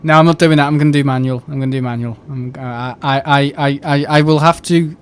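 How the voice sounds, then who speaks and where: Young guy, slightly high voice, rambling live-stream chatter with a loose mouth. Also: fairly even intonation, a little fast, clear, resonant tone. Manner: rambling, chatty, swears and laughs often. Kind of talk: casual live-stream chat.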